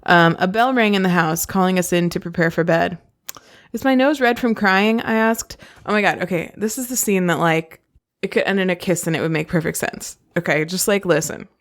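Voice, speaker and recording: A woman podcast host reading a novel aloud and breaking off with gushing, excitable asides. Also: lowish voice, brisk.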